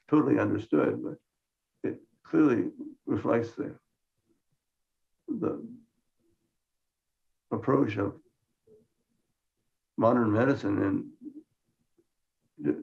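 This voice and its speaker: Older man, gravelly, dry humor. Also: mid-range voice. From Minnesota, United States. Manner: dry, understated humor with frequent restarts. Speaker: scientist giving a lecture. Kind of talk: conference lecture with slides. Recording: muffled lo-fi lecture recording.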